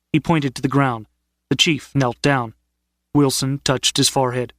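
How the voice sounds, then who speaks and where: A man narrating an audiobook in a measured, steady storytelling manner. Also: medium pitch, no room sound, clean studio sound. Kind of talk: scripted narration.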